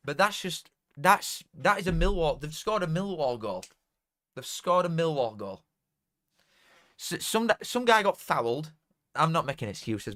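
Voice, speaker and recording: A young man with a Yorkshire accent chatting casually and swearing freely while he hosts a live football watchalong from home. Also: on the high side. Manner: excitable, swears freely, bursts into shouting at goals. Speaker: streamer hosting a football watchalong. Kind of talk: casual live stream commentary.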